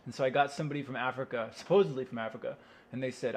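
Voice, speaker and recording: A man talking loosely to the camera in an unscripted, meandering monologue. He breaks off mid-sentence and restarts, with a wry, offhand tone. His pitch sits in a middle range. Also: steady tone, rapid-fire. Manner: rambling, self-interrupting, wry, swears and laughs. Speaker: vlogger. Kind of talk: casual rambling monologue.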